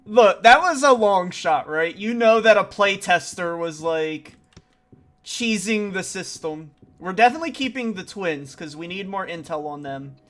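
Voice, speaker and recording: High-voiced, slow-talking male streamer. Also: lively intonation, fairly bright tone. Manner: thinks aloud, chatty and self-deprecating. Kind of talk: casual let's-play commentary.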